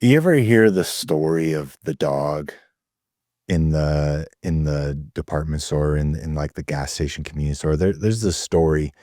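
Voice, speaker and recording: Deep-voiced man telling stories on a call. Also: moderate pace, mellow, no room sound, studio quality. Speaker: guest, men's community founder. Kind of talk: conversational storytelling. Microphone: video call.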